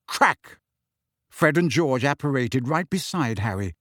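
A man narrating an audiobook with expressive storytelling. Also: on the high side, normal speed, no echo, clean studio sound. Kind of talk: scripted narration.

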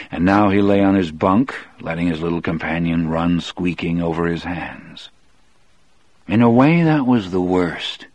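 A man narrating a novel in the first person as an audiobook, in a measured, deliberate way. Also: low voice, darkish tone, no room sound.

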